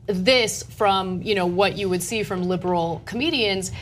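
A woman co-hosting a political talk show, fluently reading out news items and making measured points. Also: medium pitch, a little hiss or hum. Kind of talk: news rundown and political discussion.

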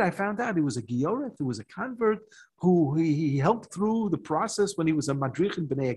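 An older American man, a rabbi, giving a Torah talk to a live audience and telling a story with rising excitement. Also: on the high side, moderate pace, breathy edge. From United States. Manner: animated storytelling, rises in excitement.

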